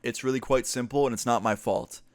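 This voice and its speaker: A man's voice: medium pitch, fairly even intonation, a little fast, dry recording, natural voice. A man voicing a nervous, stammering male street photographer who apologizes and explains himself. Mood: apologetic.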